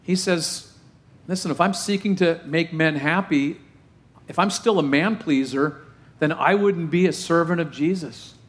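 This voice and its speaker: A man preaching a sermon as pastor, full of rhetorical questions and emphatic repetition, slowing down to stress key phrases, with playful asides. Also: a little high. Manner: playful asides and self-deprecating humor.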